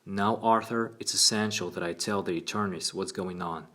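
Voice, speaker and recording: A man's voice: low-pitched, normal speed, sharp tone. A man voicing an earnest, persuasive woman psychologist in an audiobook reading.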